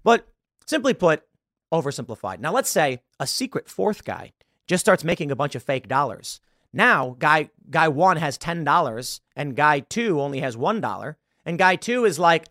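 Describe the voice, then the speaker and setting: Animated man hosting a commentary show. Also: fairly high pitch, moderate pace, no room sound, clean studio sound. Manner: animated, rambling, with many fillers. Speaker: show host. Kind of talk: political commentary monologue.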